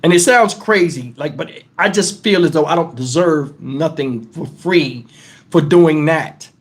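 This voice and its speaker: A middle-aged man with a notably high voice hosts a casual livestream, speaking bluntly with plenty of profanity. He sounds shaken and worked up, and he keeps turning to talk straight to his chat. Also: measured pace. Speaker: livestream host.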